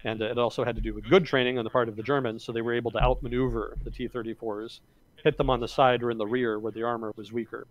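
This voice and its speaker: A man's voice: medium pitch, flat delivery, fast talker, lo-fi sound. A man hosting a livestream, talking casually about history, rambling and correcting himself as he thinks aloud. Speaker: livestream host.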